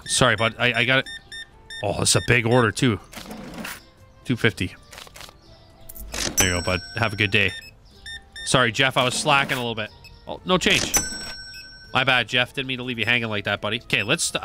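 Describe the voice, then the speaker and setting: A man casually commentating a game, muttering prices aloud and swearing offhandedly. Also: mid-range voice. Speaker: gaming channel host.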